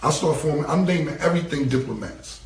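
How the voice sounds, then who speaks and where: A man's voice: a little high, animated, fast talker, a little hiss or hum. New man, casual rambling anecdote, acts out quotes, recorded far off in a roomy space. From New York. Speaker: interview guest. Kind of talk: casual storytelling interview. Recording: roomy, distant-mic recording.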